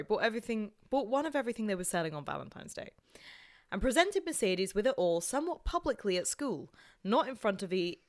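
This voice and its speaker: A woman's voice: medium pitch, natural voice. A woman putting on a Scottish storyteller. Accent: Scottish, put on. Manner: amateur accent attempt, stumbling reading.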